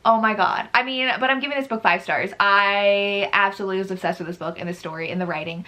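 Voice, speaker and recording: Young woman vlogger with a bright, forward voice, casual and animated, swinging between gushing and exasperation. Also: mid-range voice, quick pace, few pauses. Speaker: book vlogger. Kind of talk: casual book review vlog.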